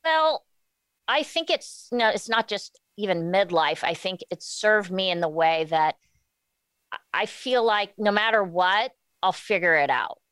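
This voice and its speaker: A woman's voice: mid-range voice, animated, a bit bright, clean tone, dry recording. A woman in her forties talking candidly as an interview guest, often restarting her sentences. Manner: candid, halting with many restarts. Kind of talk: casual interview talk.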